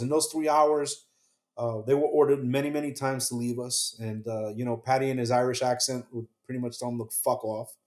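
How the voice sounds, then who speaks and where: Man telling his story in an echoey room. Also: mid-range voice. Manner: earnest, acts out quoted voices, drops soft at painful moments. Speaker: podcast guest, survivor telling his story. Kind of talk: emotional first-person storytelling.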